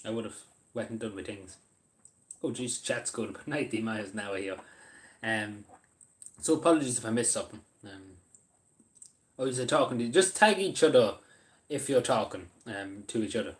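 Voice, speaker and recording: A man's voice: on the low side, fairly even intonation, fairly quick. An Irish man chatting casually on a live stream, answering chat and eating as he talks, rambling with lots of ums and restarts. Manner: eats while talking. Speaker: livestreamer reading chat.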